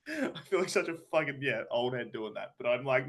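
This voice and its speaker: A man's voice: mid-range voice, very animated, normal speed, long pauses. A man with an Australian accent co-hosting a casual sports podcast, ranting with frequent swearing and laughter. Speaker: podcast co-host.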